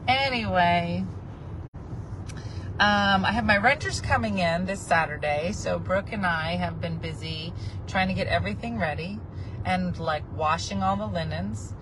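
A woman's voice: on the low side, unhurried. Chatty woman telling stories in a car. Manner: animated, quotes people in acted voices. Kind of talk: casual storytelling chat. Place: moving car. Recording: car road noise behind.

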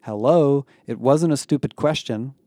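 A man's voice: medium pitch, measured pace, warm tone, dry recording, voice pushed up, close to an everyday voice. A man voicing a sassy, dramatic teenage girl who speaks with indignant emphasis.

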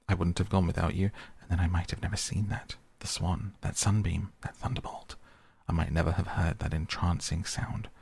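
Storybook toad, male, dazed and besotted, murmurs breathily, read by a man with a deep voice. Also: gravelly, darkish tone, breathy edge, dry recording, exaggerated voice.

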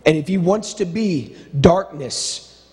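A middle-aged male pastor preaching a sermon with impassioned, repetitive phrasing, swinging between stirring build-ups and low, quiet asides. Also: lively intonation, slow. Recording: long reverb of a large hall.

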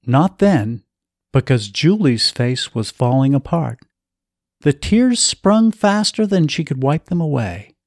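A man reading a story aloud in a measured, expressive way. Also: on the high side, no echo, clean studio sound. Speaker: narrator.

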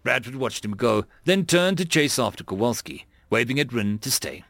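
Male audiobook narrator, gravelly, lively delivery, dry close sound. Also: mid-range voice, moderate pace, no echo. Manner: expressive, voices many characters.

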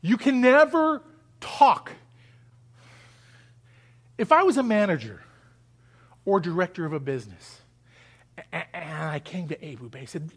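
High-voiced male pastor preaching. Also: animated, unhurried, pauses often, a bit bright, husky. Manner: preaching with rising intensity and call-and-response; acts out pleading voices. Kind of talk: sermon.

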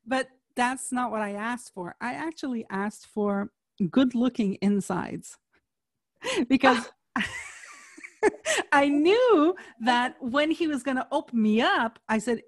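Animated woman telling a story. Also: on the high side, no room sound, studio quality. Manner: animated storyteller, acts out quoted voices, laughs often. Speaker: guest telling a personal story. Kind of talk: casual conversation.

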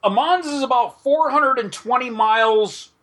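Bright-voiced man hosting a game podcast. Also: extremely high pitch, normal speed. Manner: chatty, rambling, with asides to listeners. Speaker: podcast host and game master. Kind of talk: casual chat mixed with reading setting text aloud.

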